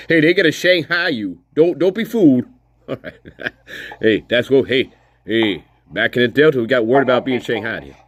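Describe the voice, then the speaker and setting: Laughing, animated man on a stream. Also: medium pitch, normal speed. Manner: laughs often, swears, reacts loudly to clips. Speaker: live stream commentator. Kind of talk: casual live stream chat.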